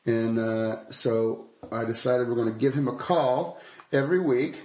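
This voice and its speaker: A man's voice: mid-range voice, fairly even intonation, unhurried, darkish tone. A man co-hosting a casual podcast, joking around and chanting silly lines. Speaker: podcast co-host. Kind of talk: casual chat. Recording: echoey room, faint noise.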